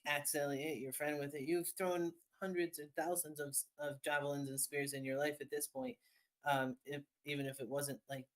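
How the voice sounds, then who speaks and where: Rambling woman running a tabletop game. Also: low voice. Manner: rambling, lots of fillers and restarts. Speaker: game master.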